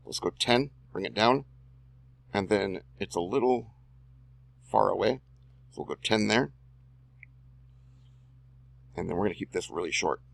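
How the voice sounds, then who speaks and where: A man's voice: lowish voice, animated, measured pace, gravelly, pauses often, no room sound. A man reading copy aloud as he edits a screen-recorded tutorial, muttering and adding slangy asides to himself. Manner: self-talking, drawling slangy asides. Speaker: online marketer and video host.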